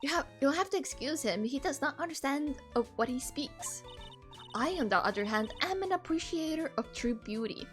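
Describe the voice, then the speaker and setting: A woman's voice: sits high, animated, normal speed, faint music behind. A woman reading the lines of a pompous, lovestruck male tenor suitor in a video game, in a grandiose, theatrical manner.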